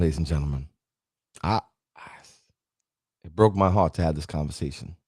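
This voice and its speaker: A man hosting a motivational talk show, speaking straight to his audience with a preachy, animated delivery. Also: low voice, no echo, studio quality. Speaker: motivational show host and town councilman.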